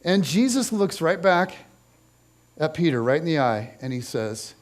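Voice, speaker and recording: Male pastor, slightly high voice, animated storytelling sermon with acted-out voices. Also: measured pace.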